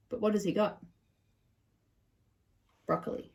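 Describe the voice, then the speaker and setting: A woman reading picture books aloud to children, animated and asking them questions. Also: fairly low pitch, moderate pace, gravelly, pauses often. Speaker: children's storyteller.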